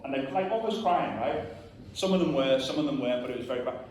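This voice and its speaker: A man's voice: medium pitch, quick pace, a little mellow, a little hiss or hum. A man giving a live motivational talk to an audience in a large hall, direct and punchy, often throwing questions at the crowd. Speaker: motivational speaker at a network marketing event. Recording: very echoey hall recorded from far off.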